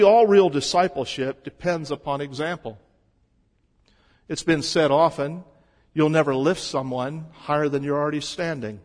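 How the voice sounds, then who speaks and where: Preaching man in a reverberant church. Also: on the high side. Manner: preacherly, swings between soft and loud emphasis. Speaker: pastor. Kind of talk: sermon.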